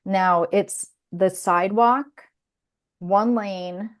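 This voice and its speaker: A woman's voice: medium pitch, steady tone, extremely slow. A woman co-hosting a podcast, telling a story in casual chat, laughing often and restarting her sentences. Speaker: podcast co-host.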